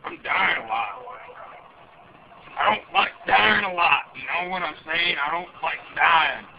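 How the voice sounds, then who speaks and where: A crude redneck gamer, played by a man, mutters and curses through a running play-by-play. His voice sits fairly high, and the home recording is muffled, with loud background noise. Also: a little slow, vocal fry. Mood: grumbling. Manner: cursing, grumbling running commentary while playing. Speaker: gamer character in a comedy skit.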